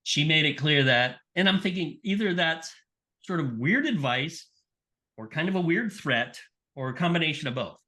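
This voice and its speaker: Animated middle-aged man telling stories. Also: fairly high pitch, normal speed. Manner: animated storyteller, acts out quoted people. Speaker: podcast guest, sports nutrition scientist. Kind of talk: casual interview storytelling.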